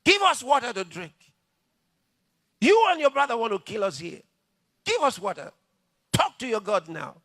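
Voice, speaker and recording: A man voicing a crowd of thirsty men who shout demands. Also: very high-pitched, very animated, moderate pace, long pauses, pitched above the performer's own voice, full character voice. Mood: demanding.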